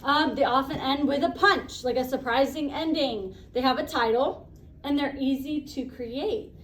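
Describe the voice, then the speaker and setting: A woman teacher leading a classroom lesson, brisk and encouraging, asking the class questions. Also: high voice, roomy sound, far from the mic, a little hiss or hum, low-quality recording.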